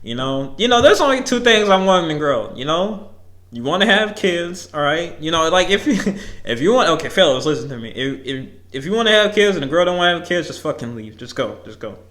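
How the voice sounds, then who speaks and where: A young man of nineteen talks alone into his podcast mic. His talk is loose and rambling and full of swearing, and he laughs often between lines. His voice sits a bit higher than most men's. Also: sing-song, fairly quick, fairly bright tone, echoey room. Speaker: podcast host. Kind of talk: casual solo podcast storytelling.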